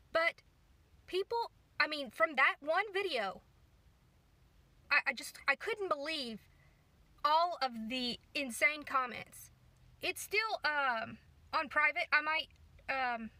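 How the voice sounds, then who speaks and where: Her voice is high with a sharp tone, and there's no echo. Speaking casually to her audience as a political vlogger, she sounds indignant, rambles, and keeps starting sentences over to correct herself.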